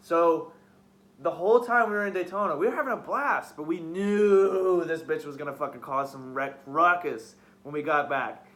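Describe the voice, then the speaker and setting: A man's voice: on the high side, moderate pace, a bit bright. A young man hosting a podcast, telling a story in casual, profane, heated chat. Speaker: podcast host.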